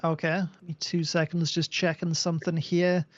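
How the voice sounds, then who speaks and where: A man playing a tabletop game, talking in a relaxed, wry way. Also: fairly high pitch, normal speed, no echo, dull audio. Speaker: player.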